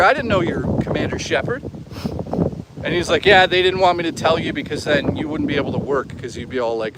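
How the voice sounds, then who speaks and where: A man's voice: on the high side, heavy background noise. A man live-streaming outdoors, chatting casually, swearing freely and reading out chat. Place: outdoors on an urban trail.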